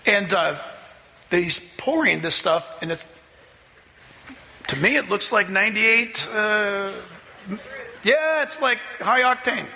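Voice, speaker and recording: Pastor, male, high-pitched and gravelly, preaching with emphatic storytelling in a reverberant hall. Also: animated, slow, long pauses, pushed and bright, slight background noise. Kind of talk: sermon.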